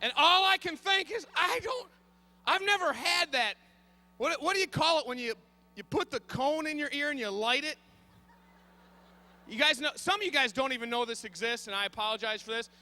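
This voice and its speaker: A man in his thirties telling a comic story on stage, animated and frantic, bursting into shouts. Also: very high-pitched, brisk, creaky. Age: 30s. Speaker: comedian.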